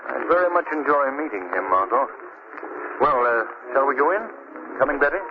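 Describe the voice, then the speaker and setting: An actor playing an urbane, polite and curious gentleman adventurer, in 1940s radio acting style. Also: medium pitch, animated, fairly quick, natural voice. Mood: calm inquiring. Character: suave, curious gentleman adventurer, adult man. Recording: scratchy lo-fi old radio broadcast.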